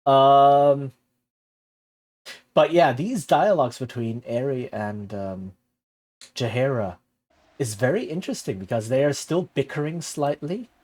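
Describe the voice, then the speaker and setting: A man's voice: mid-range voice, lively intonation, measured pace, pauses often, a little mellow. A young man streaming a game, rambling casually and laughing at his own forgetfulness. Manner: rambling, self-deprecating, laughs easily. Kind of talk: casual gameplay commentary.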